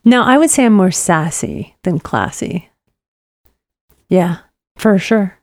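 Low gravelly woman chatting casually. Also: lively intonation, slow, darkish tone, dry recording, clean studio sound. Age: 50s. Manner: laughs often, swears casually. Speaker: podcast co-host. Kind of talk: casual chat.

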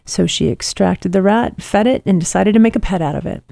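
Woman podcast co-host, gravelly edge, dry close mic, lively swearing storyteller. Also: medium pitch, brisk, no room sound. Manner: animated storytelling, swears freely. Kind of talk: casual chat.

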